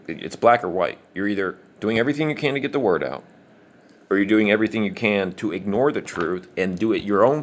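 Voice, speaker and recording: A man delivering an angry, profane monologue rant in a combative, preachy manner. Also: low voice. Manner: fast, insistent delivery. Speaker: online commentator.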